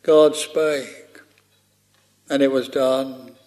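A man preaching a sermon in a measured, unhurried way, quoting scripture with old-fashioned phrasing. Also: medium pitch, flat delivery, darkish tone.

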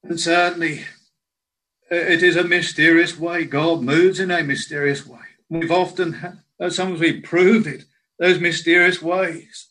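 A man preaching a sermon in a slow, earnest way, quoting scripture in old biblical language. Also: on the high side, steady tone, bright, forceful tone, rough recording.

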